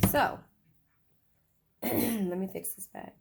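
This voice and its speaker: A woman's voice: mid-range voice, measured pace, creaky, long pauses, noisy background. A woman giving a casual tarot reading, chatty and swearing, often repeating her phrases. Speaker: tarot reader.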